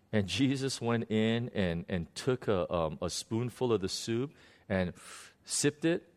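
A man telling a personal ministry story unscripted, earnest and halting, often restarting and repeating words. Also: lowish voice. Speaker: minister recounting a prayer session.

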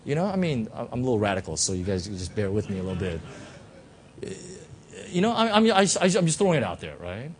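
A man's voice: lowish voice, very animated, fast talker. A man preaching a sermon as pastor, talking conversationally with many fillers and rhetorical questions. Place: church.

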